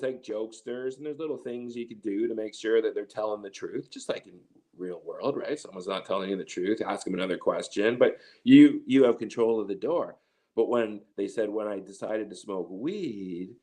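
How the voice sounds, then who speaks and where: A middle-aged man with a slightly low voice tells a long personal story as an interview guest. He rambles, restarts his sentences and slips into quoting what others said. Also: a little mellow. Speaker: interview guest, cannabis grower. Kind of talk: casual storytelling.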